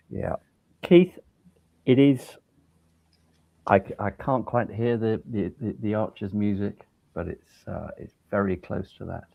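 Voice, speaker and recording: A man telling lively anecdotes as a guest on a talk show, heard over an online call. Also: lowish voice, takes it slowly, vocal fry, pauses often, lo-fi sound. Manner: animated storyteller. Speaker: guest, a judge. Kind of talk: anecdotal conversation. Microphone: video call.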